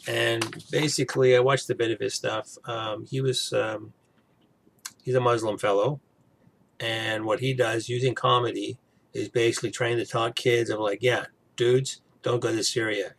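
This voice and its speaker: A man's voice: on the low side, vocal fry, a bit bright. A man vlogging in a casual chat, rambling with frequent restarts and asides.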